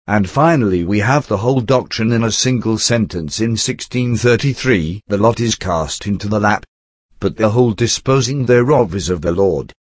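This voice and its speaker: A man reading a religious essay aloud in a measured, deliberate manner, quoting scripture verses. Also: fairly low pitch, dry recording. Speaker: reader of a theological essay.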